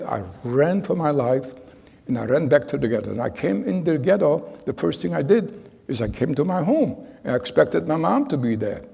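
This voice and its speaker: Man in his 90s, survivor giving testimony; husky, gravelly voice, earnest and halting, echoing through a big hall. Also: a little high, darkish tone. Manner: halting, earnest storytelling with repeated phrases. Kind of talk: spoken testimony to an audience. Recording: long reverb of a large hall.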